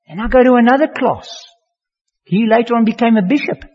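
A man preaching a sermon slowly and emphatically, his voice rising on the key words. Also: very high voice, darkish tone. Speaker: pastor. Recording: dull lo-fi recording in a reverberant hall.

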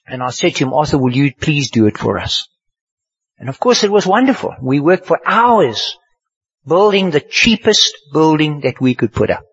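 Animated older preacher. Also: male voice, fairly high pitch, moderate pace, slightly rough. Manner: animated storyteller, swings from hushed to loud. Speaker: pastor. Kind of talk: sermon storytelling. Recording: dull lo-fi sermon recording.

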